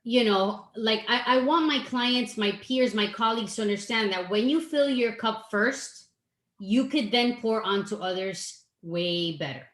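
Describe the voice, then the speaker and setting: A woman coach with a fairly high voice speaks earnestly on a motivational team call. She explains her reasons. The sound is echoey, as if she is in a bare room. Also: measured pace, fairly bright tone. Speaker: business coach.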